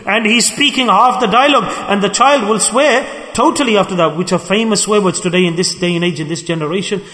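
High-voiced man preaching in a reverberant hall. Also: fairly quick, sharp tone. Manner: emphatic, questions the audience and demands call-and-response. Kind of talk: sermon.

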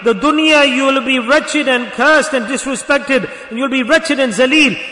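High-voiced preacher man in echoey hall. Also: moderate pace, pushed and bright. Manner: exhorting, rhetorical questions to the congregation. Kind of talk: sermon.

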